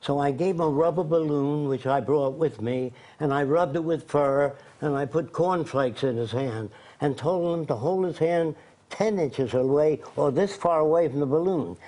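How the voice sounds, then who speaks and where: An older man speaking as an interview guest, his voice sitting a little on the high side. He rambles through long anecdotes and slips into the voices of the people in them. The delivery is conversational and unscripted. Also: moderate pace, dark tone. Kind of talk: conversational storytelling.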